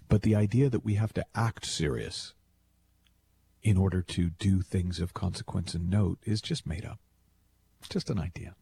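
A man hosting a call-in radio show, talking in a playful, animated storytelling way. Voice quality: deep gravelly voice. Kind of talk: conversational radio monologue.

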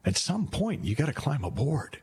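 A man's voice: a little high, huge pitch swings, normal speed, creaky, a little mellow, slight background noise, pitched above the performer's own voice, heavily acted. A man voicing God, answering a complaint in a dry, matter-of-fact way.

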